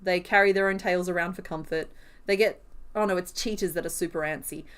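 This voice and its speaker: Woman, casual stream chat, rambling, self-deprecating, lowish voice. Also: fairly even intonation, fairly quick, fairly bright tone, clear, resonant tone.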